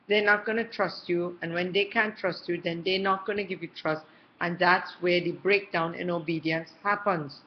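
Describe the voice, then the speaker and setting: A woman's voice: fairly low pitch, highs cut off, slight background noise. A middle-aged woman giving parenting advice to camera in a casual, chatty way, often checking in with her listener. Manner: warm, chatty, checks in often with "okay" and "all right".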